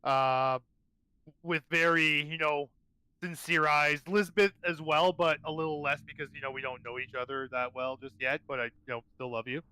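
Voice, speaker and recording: A man's voice: on the high side, fairly even intonation, moderate pace, bright, forceful tone, clean tone, dry recording, rough recording. A man playing a tabletop game, describing his character's actions in a rambling way. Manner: rambling, full of fillers and restarts. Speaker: player.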